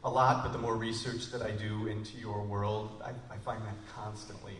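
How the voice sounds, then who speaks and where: A man's voice: on the low side, little pitch movement, normal speed. A man hosting a live screening Q&A, eagerly calling out guests one by one. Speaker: podcast host moderating a screening Q&A. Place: cinema auditorium before a live audience. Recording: distant, echoey and noisy, with a loud crowd.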